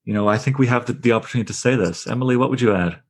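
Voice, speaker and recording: A man's voice: mid-range voice, racing. A man leading a book discussion podcast, reflecting aloud, asking questions and reading passages to the group. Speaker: discussion leader.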